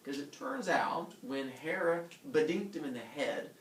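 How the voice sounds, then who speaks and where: A man telling a myth as a comic story, playful and animated, with his own sound effects. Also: on the high side, measured pace, roomy sound, far from the mic, a little hiss or hum, poor audio.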